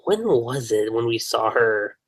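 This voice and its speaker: A man guesting on a casual podcast, talking in a hesitant, halting way. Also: mid-range voice, expressive, a bit bright. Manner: hesitant, halting, restarts sentences.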